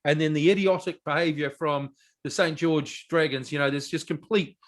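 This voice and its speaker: A man's voice: on the high side, fairly even intonation, moderate pace. A man co-hosting a sports podcast, talking bluntly in casual chat, swearing and laughing easily. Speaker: podcast co-host.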